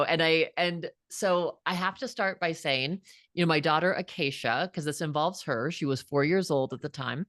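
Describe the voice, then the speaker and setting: Her pitch is low and her tone fairly bright as this woman in her fifties, a guest author, tells a heartfelt personal story. She sounds earnest and reflective and keeps restarting. The clean studio recording has no echo.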